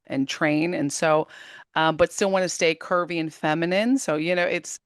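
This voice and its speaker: Animated woman, low voice, dry sound. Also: moderate pace, no echo. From United States. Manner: animated storyteller, laughs often. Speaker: guest. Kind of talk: casual interview talk.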